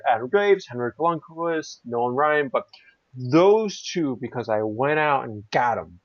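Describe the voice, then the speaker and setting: A man's voice: mid-range voice, animated, measured pace. A man co-hosting a podcast, telling anecdotes in casual chat with many restarts. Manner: rambling, frequent restarts and fillers. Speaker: podcast co-host. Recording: slightly dull lo-fi audio.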